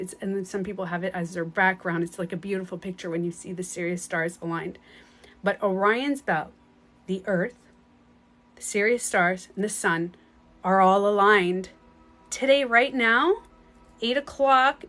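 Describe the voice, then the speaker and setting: A woman with a slight French accent talks loosely into her phone during a live stream. She rambles from point to point and laughs often. Her voice sits at an ordinary middle pitch. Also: a bit bright. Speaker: spiritual coach. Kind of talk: casual live-stream talk.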